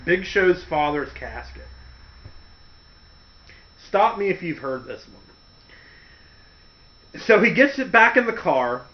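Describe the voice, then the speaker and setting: A man's voice: high-pitched, takes it slowly, pauses often. A man hosting a show, telling stories in a casual, comedic way, laughing often, in a lo-fi recording. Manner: animated, laughing, full of impressions. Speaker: host. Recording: dull lo-fi recording.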